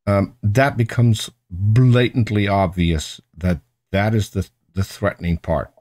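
Earnest male host with a lower voice. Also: fairly even intonation, slow, a little mellow. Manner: earnest, searching for words with restarts. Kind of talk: casual online panel discussion.

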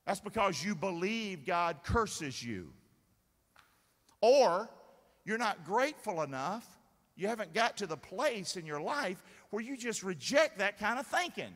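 Bright-voiced pastor preaching. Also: male voice, high voice, unhurried. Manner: energetic, calls for congregation responses. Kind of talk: sermon. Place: large church sanctuary. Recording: long hall reverb in church.

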